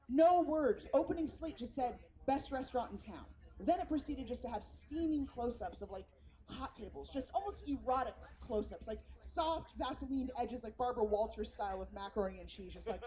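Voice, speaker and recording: A woman from San Francisco performs stand-up, brash and profane, storytelling with animation. Her voice sits high. She is on an outdoor festival stage, on a handheld mic. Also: warm tone. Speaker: stand-up comedian. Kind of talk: stand-up set.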